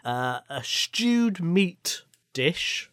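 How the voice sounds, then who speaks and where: Lively man, animated chat. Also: a little high, drawn-out words, no room sound, clean studio sound. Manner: lively, wry and digressive, laughs easily. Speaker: podcast co-host. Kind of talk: comedic casual chat.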